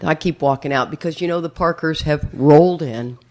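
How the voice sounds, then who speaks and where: At a recovery meeting, a woman with a deep voice talks fairly quickly through a funny personal story. She's animated, laughs often, and acts out other people's voices.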